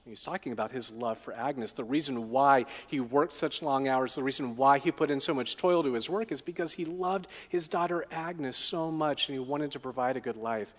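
A man's voice: medium pitch, moderate pace, few pauses. A man preaching a sermon as a pastor, often asking the congregation questions. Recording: long hall reverb.

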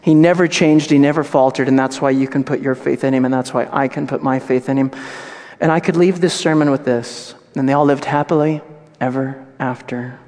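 A male pastor preaching a sermon, moving from hushed, tender passages to loud, animated storytelling. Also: medium pitch, brisk. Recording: long reverb of a large hall.

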